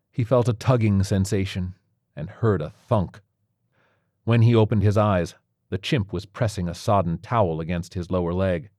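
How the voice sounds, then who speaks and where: A man narrates a story with a low, deep voice. His reading is measured and even. The sound is dry and close, with no room echo.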